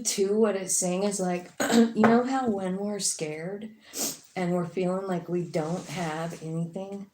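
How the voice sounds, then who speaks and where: A woman's voice: fairly low pitch, dark tone. A woman giving a casual tarot reading, talking frankly with swearing and lots of filler words. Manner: frank and profane, many fillers. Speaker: tarot reader. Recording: roomy echo.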